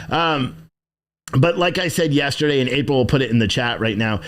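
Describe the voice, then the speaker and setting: A man hosting a casual livestream from inside his shop, rambling and swearing as he reads chat comments and plugs his business. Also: medium pitch. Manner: rambling, profane, plugging his own business. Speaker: livestream show host.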